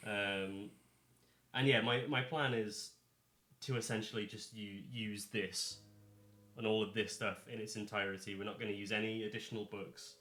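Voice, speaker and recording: A man's voice: on the low side, steady tone, moderate pace, sharp tone, faint music behind. A man acting as dungeon master in a casual, rambling chat while preparing a tabletop game. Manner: rambling, self-correcting, chatty. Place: home. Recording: echoey room.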